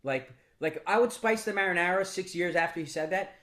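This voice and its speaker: A man's voice: high voice, animated, a little fast, a bit bright. A man telling motivational stories to a mastermind group, casual and blunt with some swearing, often restarting and repeating words. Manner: casual, blunt, with mild profanity. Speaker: business mentor speaking to a mastermind group. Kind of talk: motivational storytelling talk.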